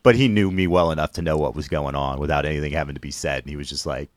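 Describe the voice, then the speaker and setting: A man's voice: very deep voice, quick pace, no room sound. A man casually telling a story, laughing often and acting out the quotes. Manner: laughing, animated, acts out quotes.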